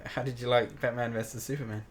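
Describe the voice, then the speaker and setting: A man's voice: mid-range voice, flat delivery, quick pace. A man co-hosting a podcast, giving dry, blunt opinions in casual chat. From Australia. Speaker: podcast co-host.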